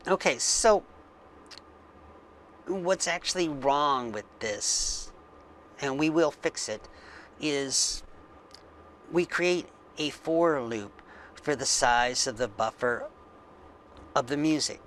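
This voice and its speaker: A man hosting a coding tutorial, thinking aloud slowly with frequent ums as he works on screen. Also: fairly high pitch, expressive, a bit bright, slight background noise. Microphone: desk mic with face cam.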